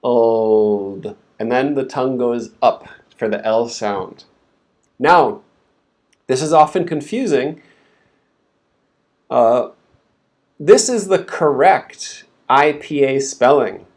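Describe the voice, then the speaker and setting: A man's voice: mid-range voice, animated, takes it slowly, pauses often. A man teaching English pronunciation in a live stream, patiently breaking words into sounds and repeating them for learners to copy.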